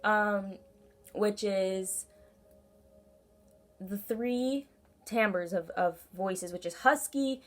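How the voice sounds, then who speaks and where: A woman's voice: medium pitch, drawn-out words, long pauses, soft background music. A young woman giving a casual tarot reading, with a forward, pinched, brassy tone and an earnest, encouraging, rambling way of talking. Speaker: tarot reader.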